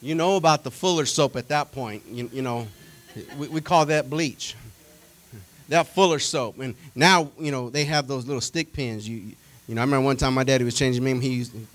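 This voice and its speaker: A male preacher delivering a sermon in a folksy, conversational way, animated and full of repetition and rhetorical questions to the congregation. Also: medium pitch, poor audio.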